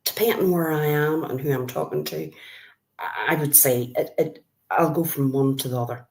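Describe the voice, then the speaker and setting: Northern Irish woman, middle-aged, low voice, friendly live-stream chatter. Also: expressive, moderate pace, darkish tone. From Northern Ireland. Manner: chatty, greets viewers by name, calls them love. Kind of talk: casual live-stream chat with viewers.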